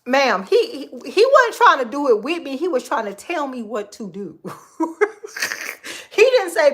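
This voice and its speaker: A woman in her forties holds forth in casual livestream chat from her kitchen, her voice sitting a little high. She is sassy and expressive, laughing often as she gives advice and calls her viewers girl and baby. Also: unhurried. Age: 40s. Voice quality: expressive, laughs often, Southern Black American vernacular turns. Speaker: livestream host. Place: home kitchen.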